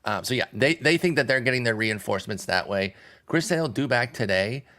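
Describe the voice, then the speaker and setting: A man's voice: medium pitch, lively intonation, brisk, bright, forceful tone. A man hosting a podcast, talking casually and conversationally with his co-host. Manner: conversational, frequent restarts. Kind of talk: casual chat.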